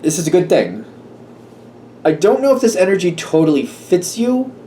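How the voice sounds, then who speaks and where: Mellow-voiced man musing through a tarot reading. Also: high voice, sing-song, moderate pace. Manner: musing, hesitant, full of fillers and restarts. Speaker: tarot reader. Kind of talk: casual tarot reading monologue. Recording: slightly distant mic with faint room noise.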